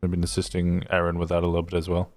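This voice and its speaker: A man's voice: low voice, completely flat delivery, rapid-fire, darkish tone, dry recording. A man giving a loose, rambling update as a police officer in a roleplay meeting. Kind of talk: casual roleplay chat.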